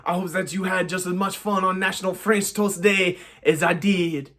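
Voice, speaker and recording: A man's voice: high-pitched, fairly even intonation, normal speed, fairly bright tone, reverberant. A man hosting a children's cooking demonstration, talking playfully and tossing in mock-French exclamations. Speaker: children's show host.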